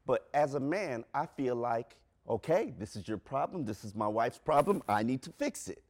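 A man's voice: mid-range voice, animated, normal speed, a little mellow. A middle-aged man co-hosting a podcast in casual chat, thoughtful and a little hesitant, asking questions. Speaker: podcast co-host.

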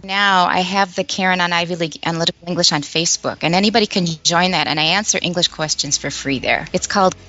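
A woman's voice: fairly low pitch, fast talker, hardly any pauses, bright, forceful tone, muffled recording. A woman, an English professor, explaining a language learning method as an interview guest, patient and demonstrative, repeating short phrases for the listener.

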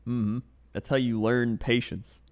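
A man's voice: mid-range voice, flat delivery, unhurried, darkish tone. A man co-hosting a casual chat podcast, telling anecdotes with laughs and put-on voices. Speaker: podcast co-host.

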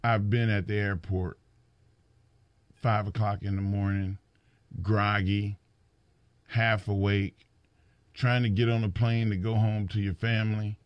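A middle-aged man in a casual chat about wrestling, telling animated stories and acting out quotes, often repeating words as he starts. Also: lowish voice, unhurried, long pauses, no room sound, highs cut off. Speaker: wrestling podcast co-host.

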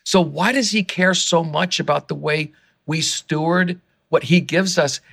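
A man, an author and guest on a podcast interview, who gets excited and worked up as he talks, often restarting his sentences. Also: a little high, measured pace, gravelly.

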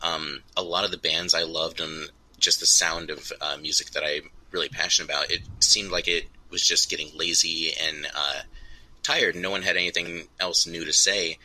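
A man's voice: low voice, flat delivery, moderate pace, bright, forceful tone, rough recording. A man calling in as a guest on a podcast, talking earnestly about the topic. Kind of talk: casual podcast chat. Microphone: remote call-in line.

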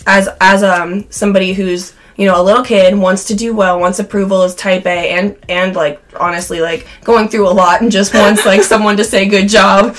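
A woman's voice: mid-range voice, fairly even intonation, normal speed, hardly any pauses, a little hiss or hum. A young woman from the American Midwest, co-hosting a podcast in casual chat, peppering her talk with "like" while her voice wears thin. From Cincinnati, USA. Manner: chatty, frequent "like" fillers. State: losing her voice. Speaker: podcast co-host.

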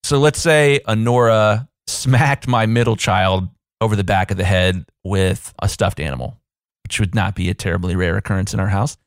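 On a casual podcast, a thirtysomething man who works as a business coach chats in a lowish voice, poking fun at himself and throwing in quick asides. The audio is close-miked and dry, free of room sound.

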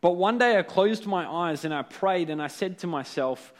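A man's voice: high-pitched, lively intonation, moderate pace, few pauses. A man giving a casual devotional talk as a preacher, conversational and often checking in with tag questions.

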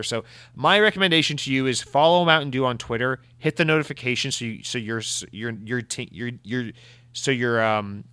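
A man's voice: medium pitch, smooth, no room sound. A man hosting a show and answering listener mail in a casual, profane, exasperated rant, slipping into mocking voices. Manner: animated, profane, exasperated ranting with mock voices. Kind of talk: casual ranting commentary.

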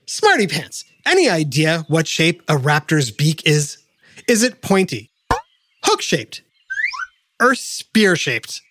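A woman's voice: deep voice, sing-song, slow pace, fairly bright tone. A woman hosting and narrating a kids' science show, playfully quizzing the listener. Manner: playful, addresses the listener with quiz questions. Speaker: narrator and host. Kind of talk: scripted educational narration for kids.

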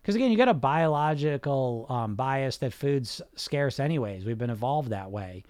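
A man's voice: mid-range voice, animated, normal speed, a little mellow, clear, resonant tone, no room sound, clean studio sound. A man coaching a group on weight loss, blunt and emphatic, sometimes swearing, who keeps asking rhetorical questions.

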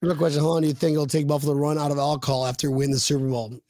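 A man's voice: on the high side, level tone, very fast, warm tone, dry recording. A man co-hosting a casual sports podcast, telling rowdy jokes and swearing freely. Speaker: podcast co-host.

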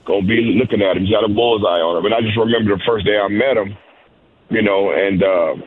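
A man's voice: on the low side, steady tone, fast talker. A man, a coach and guest, answering interview questions casually with lots of "you know" and repeated words. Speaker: wide receivers coach, guest. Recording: tinny phone-like line.

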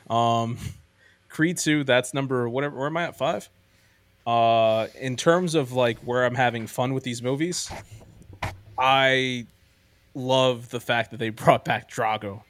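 Speaking a little slowly in a medium-pitched, fairly bright tone, a male podcast host chats about ranking movies. He's casual and enthusiastic, rambling along with frequent "like"s and "um"s.

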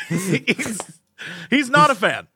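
A man's voice: very high-pitched, drawn-out words, husky, no room sound, studio quality. A young man on a podcast, chatting casually as he tells a funny story, laughing often and acting out the people in it. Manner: animated, laughs often, acts out quoted people. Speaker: podcast co-host.

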